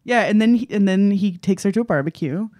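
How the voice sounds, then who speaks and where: A young woman co-hosting a casual podcast, animated and laughing often as she acts out quotes in exaggerated voices. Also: mid-range voice, a little fast. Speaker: podcast co-host. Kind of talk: casual chat reviewing a book.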